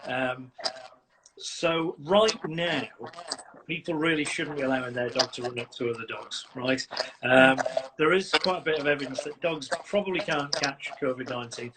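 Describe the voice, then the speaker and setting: A man, a dog trainer, giving lively, casual advice on a video call. He acts out scenes and keeps checking in with "right?". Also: medium pitch, normal speed. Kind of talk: casual advice on a live stream. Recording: distant mic with loud noise.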